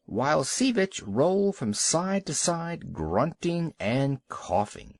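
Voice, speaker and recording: Animated man reading a children's story. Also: medium pitch, measured pace, few pauses, no room sound. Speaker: audiobook narrator. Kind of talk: scripted storybook narration for children.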